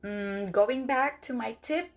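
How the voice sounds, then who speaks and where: A woman's voice: fairly high pitch, slow pace. A woman English teacher who is not a native speaker, explaining step by step in a casual spoken lesson. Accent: non-native English speaker. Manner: earnest, explains step by step with many "okay"s.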